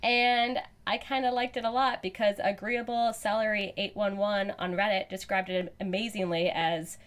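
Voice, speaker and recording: A woman hosting a podcast in an easygoing, chatty way. She laughs often and trails through many fillers as she talks, her pitch sitting in an ordinary middle range. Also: steady tone, moderate pace, hardly any pauses. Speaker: podcast co-host. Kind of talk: casual chat.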